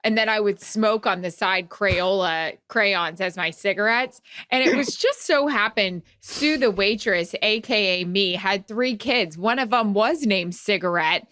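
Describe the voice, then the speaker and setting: A woman's voice: medium pitch, unhurried, hardly any pauses, fairly bright tone, no room sound, clean studio sound. A woman co-hosting a casual chat podcast, telling stories with lots of "like". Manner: chatty, storytelling with frequent "like". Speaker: podcast co-host.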